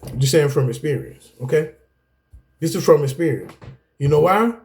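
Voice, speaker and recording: A middle-aged man, teaching an anger management class through his own life story. He talks in an animated, preacherly way, addressing the room as "y'all.". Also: fairly high pitch, moderate pace. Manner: animated, preacherly, repeats "guess what" and "y'all". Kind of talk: personal testimony lecture.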